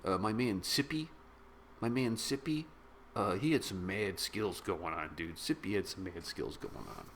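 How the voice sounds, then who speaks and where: A middle-aged man reviewing a movie in a casual, rambling, excitable way, full of slang. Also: low voice, a little hiss or hum. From of British descent. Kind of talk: casual spoken film review.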